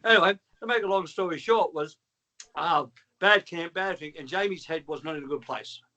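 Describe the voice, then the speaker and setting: A man's voice: on the high side, moderate pace. A man, a former trainer calling in, telling a long story with lots of swearing and acted-out dialogue. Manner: animated, swearing, acts out dialogue. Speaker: former trainer, guest caller. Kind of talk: storytelling on a call.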